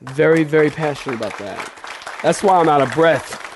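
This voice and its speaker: A man's voice: a little high, moderate pace, a crowd in the background, noisy background. A middle-aged male pastor preaching a sermon, passionate and emphatic, calling on the congregation to respond.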